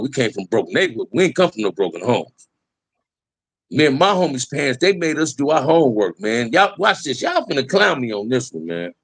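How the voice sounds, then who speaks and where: A man's voice: mid-range voice, very animated, moderate pace, vocal fry, a bit bright, slightly rough. A middle-aged man telling casual, profane life stories in a streetwise way, often calling the listener "man". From Los Angeles area. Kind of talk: casual storytelling.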